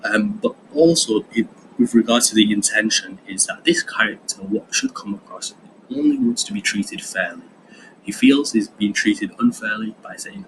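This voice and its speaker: A man's voice: fairly low pitch, lively intonation, fairly quick, fairly bright tone, a little hiss or hum, rough recording. A man, a drama teacher explaining a lesson in a chatty way with fillers. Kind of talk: recorded online lesson.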